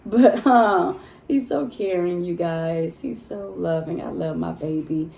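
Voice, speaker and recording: A vlogger with a low, mellow, creaky voice talks slowly and casually to her viewers, calling them y'all. She is animated and talkative and laughs easily, and her voice echoes in the room at home where she records.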